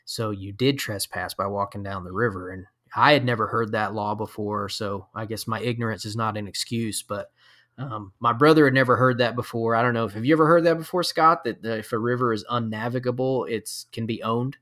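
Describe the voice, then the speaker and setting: A man's voice: medium pitch, fairly quick, fairly bright tone. A man who is a podcast guest, telling a long hunting story in a casual, rambling way with lots of fillers. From Florida.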